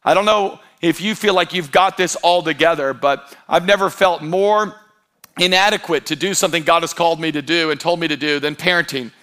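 A man, preaching a sermon and telling lively stories with acted-out quotes. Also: on the high side, fairly quick. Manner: animated storytelling with quoted voices. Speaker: pastor.

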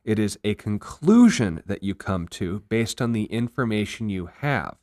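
Brief: male pastor-host, low voice, earnest explainer, dry close mic. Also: lively intonation, moderate pace, a little mellow, dry recording. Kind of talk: faith discussion podcast.

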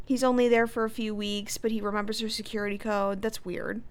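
A woman's voice: medium pitch, level tone, fairly quick. A young woman co-hosting a casual podcast, animatedly retelling TV scenes and acting out the lines. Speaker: podcast co-host recapping a TV episode. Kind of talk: casual chat.

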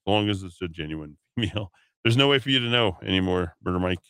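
A man's voice: sits low, expressive, fast talker, a bit bright, smooth, dry recording. Blunt, sardonic talk radio man. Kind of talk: reading listener comments on talk radio.

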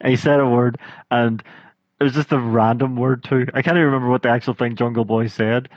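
A man's voice: medium pitch, a little fast, no echo, lo-fi sound. A Scottish man co-hosting a podcast, chatting casually and telling stories with lots of laughter. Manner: chatty, laughs often, animated storytelling. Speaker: podcast co-host. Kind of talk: casual chat.

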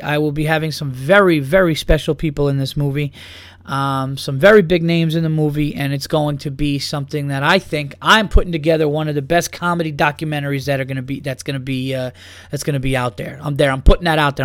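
A man's voice: fairly high pitch, fairly bright tone, no echo, clean studio sound. A man, a stand-up comedian hosting his own podcast, ranting with heavy swearing and then rattling off his upcoming gigs with lots of ums. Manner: heated, profane ranting; loose, filler-heavy when announcing gigs. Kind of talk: solo podcast rant and show plugs.

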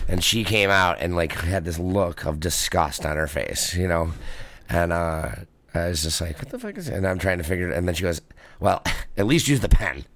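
A man co-hosting a podcast in relaxed casual chat, full of "like" and quick laughs. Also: sits low. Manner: relaxed, says "like" a lot, laughs often. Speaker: podcast co-host.

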